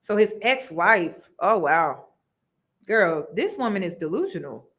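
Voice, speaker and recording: Unhurried and fairly bright in tone, this medium-pitched woman gives casual reality show commentary on her review vlog with lively intonation. She talks chattily and emphatically to her audience and circles back to the same points.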